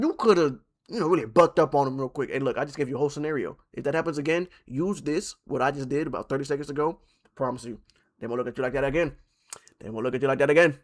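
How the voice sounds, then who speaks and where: A man's voice: medium pitch, fairly bright tone. A male streamer who reads posts aloud on a live stream and reacts bluntly, swearing freely and repeating himself for effect.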